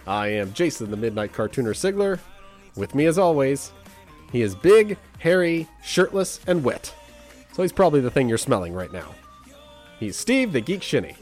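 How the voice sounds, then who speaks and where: Guy hosting a comics podcast, super bouncy pitch, teasing and laughing a lot. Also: normal speed, faint music behind. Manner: jokey, laughs often, lively teasing. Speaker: podcast host. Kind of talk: casual podcast banter.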